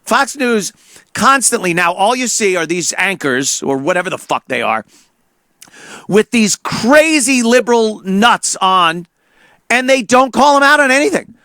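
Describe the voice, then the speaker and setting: A man's voice: high-pitched, very animated, unhurried, bright, forceful tone, no room sound. A man hosting a talk show, delivering a heated, profane political rant full of stammered repeats into a studio mic.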